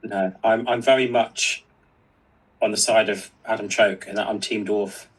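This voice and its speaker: Brief: male co-host on a stream, husky tone, off-mic, halting delivery. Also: lowish voice, fairly even intonation, far from the mic, low-quality recording. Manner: hesitant, with fillers before reading out comments. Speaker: co-host reading viewer comments. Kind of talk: casual chat.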